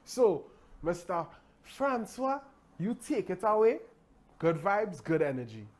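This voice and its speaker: A man's voice: sits high, expressive, slow pace. A man hosting a live show, upbeat and repeating hype phrases. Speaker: host.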